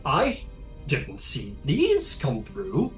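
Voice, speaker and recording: A game master voicing a puzzled worker in the ruins who asks questions slowly. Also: mid-range voice, huge pitch swings, roomy sound, soft background music, full character voice. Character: puzzled ruin worker, slow.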